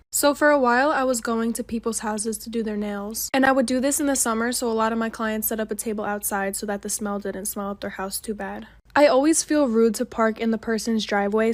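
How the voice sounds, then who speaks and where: A woman's voice: fairly high pitch, dry recording. A woman telling a personal story in a casual, matter-of-fact way.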